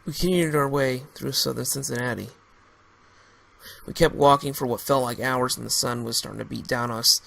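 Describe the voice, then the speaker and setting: A man narrating an amateur story in a halting way, with restarts. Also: medium pitch, steady tone, vocal fry, bright, forceful tone.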